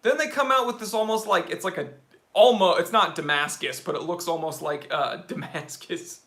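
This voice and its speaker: A man hosting a casual live stream about watches, opinionated and animated, answering viewer questions. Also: sits high, normal speed, echoey room.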